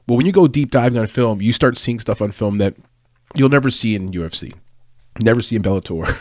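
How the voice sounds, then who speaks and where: A man's voice: mid-range voice, expressive, brisk, a little mellow, no echo, clean studio sound. A man hosting a casual sports breakdown show, chatty and upbeat, laughing at his own asides. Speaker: MMA podcast host.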